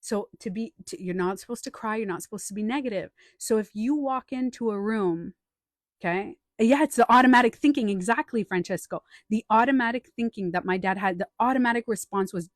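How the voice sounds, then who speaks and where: Medium-pitched and at a normal speed, this woman's voice comes through studio-quality with no echo. A life coach and author, she tells lively, chatty stories with acted-out quotes on a live stream while answering the chat.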